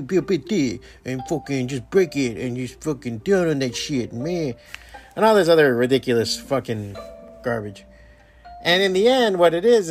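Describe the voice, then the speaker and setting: A man hosting his own podcast, talking in a casual, rambling, profanity-heavy motivational monologue. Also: mid-range voice. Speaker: podcast host.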